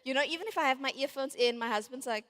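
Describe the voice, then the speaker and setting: Keynote woman, late 30s, lively storyteller, a bit high, long hall echo. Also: quick pace. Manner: animated storyteller acting out inner voices. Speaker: conference speaker. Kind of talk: motivational keynote talk. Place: large conference hall. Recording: reverberant large hall.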